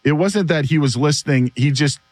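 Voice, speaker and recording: A man hosting a sports radio show, talking in a casual, animated way and laughing often. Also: on the high side, fairly quick, no room sound.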